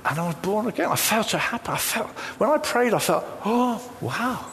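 A pastor delivers a sermon in an animated, storytelling style, speaking quickly. His slightly high voice swings widely in pitch as he acts out quoted conversations, with a faint hiss beneath the recording.

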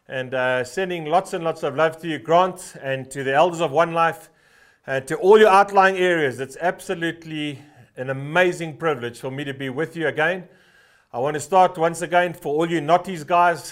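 A man in his fifties delivers a fervent sermon in a fairly high voice. He tells personal stories loosely, full of "uh" fillers, then drives his point home by repeating one short phrase again and again. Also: a bit bright. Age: 50s. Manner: storytelling with frequent "uh" fillers. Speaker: pastor.

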